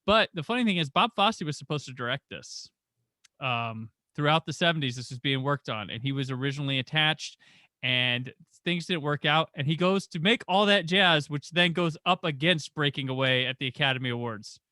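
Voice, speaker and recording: A man's voice: fairly high pitch, moderate pace, dry recording, clean studio sound. A man in his forties hosting a podcast, chatting casually about a film and acting out the voices of people in his stories. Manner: animated storyteller, acts out quoted voices. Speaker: podcast host. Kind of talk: casual movie discussion.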